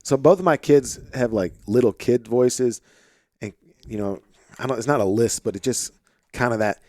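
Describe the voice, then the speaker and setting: A man with a light Arkansas twang hosting a podcast, chatting in a relaxed, rambling way with plenty of fillers, in a home office. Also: medium pitch, normal speed, no room sound, studio quality. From St. Louis, Missouri. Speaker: podcast host. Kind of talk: casual conversation.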